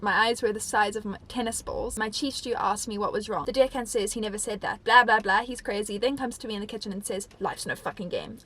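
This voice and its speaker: A woman's voice: on the high side, fairly bright tone. A young woman from Africa, chatting casually and reading diary entries aloud, rambling with lots of "like". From South Africa. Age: young adult. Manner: chatty and rambling, heavy use of "like". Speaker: vlogger.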